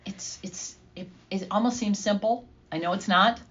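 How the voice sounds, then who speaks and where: An older woman, a veteran school administrator co-hosting a school podcast, speaking in a measured, encouraging way. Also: medium pitch, a bit bright, muffled recording. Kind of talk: casual chat.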